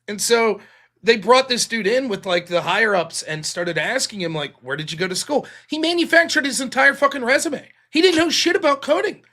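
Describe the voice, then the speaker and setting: A man with a high, bright voice hosts a political call-in show. He talks in loose, casual stretches, swears freely, and rambles through secondhand stories. His tone stays conversational and unscripted. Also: expressive, moderate pace. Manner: profane, rambling storytelling retelling others' words.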